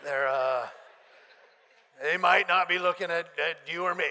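A man preaching a sermon, telling stories and quoting friends in animated back-and-forth. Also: a little high, unhurried, gravelly, big-room sound. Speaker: pastor. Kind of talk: sermon with storytelling.

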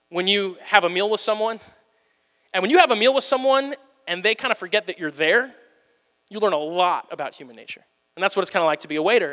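A man in his thirties preaching a sermon, telling personal stories and acting out the dialogue in them with lively voices. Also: extremely high pitch. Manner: animated storyteller acting out dialogue. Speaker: pastor. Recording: long reverb of a large hall.

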